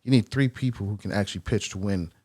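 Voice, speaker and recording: A man co-hosting a casual sports chat, easygoing but quick to argue his picks. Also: on the low side, darkish tone, breathy edge, no room sound, clean studio sound. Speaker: co-host.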